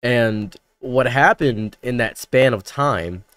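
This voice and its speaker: A man's voice: medium pitch, slow, fairly bright tone, clear, resonant tone, no room sound. A man on a casual online talk, telling wild rambling anecdotes with lots of stammered restarts. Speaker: guest. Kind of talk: casual storytelling chat.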